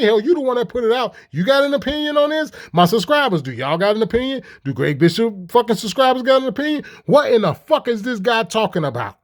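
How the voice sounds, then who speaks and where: Heated high-voiced man ranting. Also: big pitch swings, fast, hardly any pauses. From Chicago. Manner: heated, mocking, rhetorical questions. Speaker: commentator reacting to clips. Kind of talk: profane ranting commentary.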